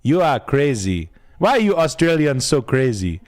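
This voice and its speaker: A man voicing an exasperated male Nigerian schoolteacher with a Nigerian accent, drawing out slow exclamations. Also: medium pitch, very animated, darkish tone, lightly acted.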